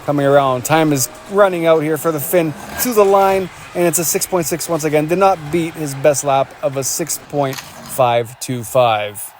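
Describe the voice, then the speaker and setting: A man giving energetic play-by-play commentary on a race as the show's host, calling lap times and cheering the drivers on. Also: on the high side, normal speed, hardly any pauses, a little hiss or hum.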